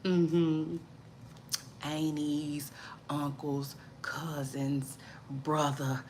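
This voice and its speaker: A woman's voice: sits low, very animated, unhurried, bright, forceful tone. A woman hosting a casual celebrity gossip livestream, drawling and loose, calling viewers "child" and repeating her catchphrases.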